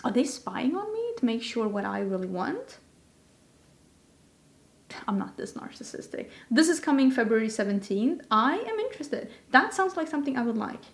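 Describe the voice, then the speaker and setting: A woman's voice: on the high side, very animated, moderate pace, vocal fry. A woman hosting a casual beauty vlog, chatty and rambling, with self-deprecating asides. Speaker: beauty vlogger host. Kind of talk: casual chat.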